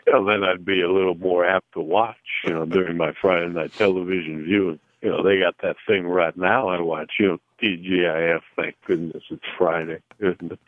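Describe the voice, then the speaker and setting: A man's voice: deep voice, fairly even intonation, brisk, hardly any pauses, no room sound, lightly acted. A man doing a rambling phoned-in football coach. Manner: rambling, with folksy card-game analogies and many "you know"s. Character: rambling, self-praising middle-aged male football coach. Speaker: caller doing a comedy impression. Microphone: telephone. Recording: tinny phone line.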